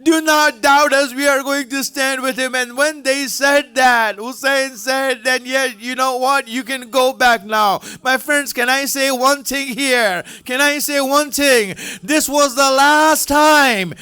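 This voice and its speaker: A man delivering an emotional sermon as a story, repeating lines and at times shouting or breaking into tears. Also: very high-pitched, fairly even intonation, slow, few pauses, smooth. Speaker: speaker at a religious center. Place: religious center hall.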